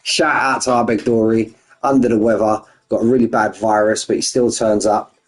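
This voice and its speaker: A man's voice: fairly low pitch, fairly even intonation, moderate pace. A man hosting an online racing league stream, chatting casually and greeting viewers one by one as mates. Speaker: race league host.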